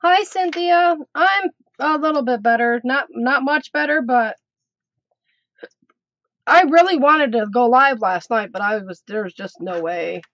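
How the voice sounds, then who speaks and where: A woman's voice: sits high, a little slow, a bit bright, no room sound, dull audio. A middle-aged woman chatting on a casual craft live stream, teasing her dog and laughing often. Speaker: craft channel host.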